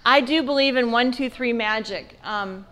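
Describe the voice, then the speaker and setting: A woman's voice: a little high, normal speed, fairly bright tone. A woman giving a church parenting seminar in a conversational way, asking her audience questions. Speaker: parenting class speaker.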